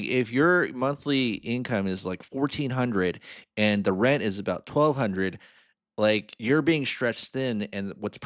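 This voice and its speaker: A man with a low voice talks through a video he is reacting to. His delivery is loose and conversational, and he often tags his points with a quick "right?". The sound is dry and close. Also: no room sound. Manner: chatty, asks "right?" often, frank opinions. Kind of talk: casual commentary on a video.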